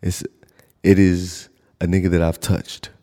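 Gravelly young man telling animated stories. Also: low voice, a little slow, in a large hall. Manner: animated storyteller, breaks into laughter and loud retellings. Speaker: podcast co-host. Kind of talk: casual chat.

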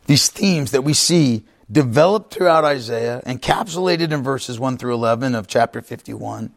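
A man's voice: mid-range voice, moderate pace, gravelly. A man pastor preaching an emphatic sermon, often checking in with the congregation. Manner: emphatic, repeats himself, asks the congregation "right?".

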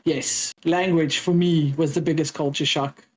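A woman's voice: low voice, steady tone, moderate pace, low-quality recording. Chatty South African woman. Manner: chatty storyteller, acts out exchanges with quoted voices. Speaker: podcast guest. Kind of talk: casual interview chat.

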